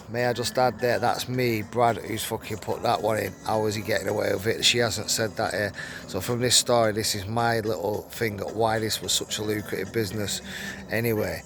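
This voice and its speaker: A low, gravelly northern English man reads a true crime article out loud on his vlog. He keeps cutting in with blunt, sweary asides. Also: steady tone, fairly quick, background noise. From England. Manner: blunt, swears freely, breaks off into commentary. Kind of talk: reading an article aloud with casual asides.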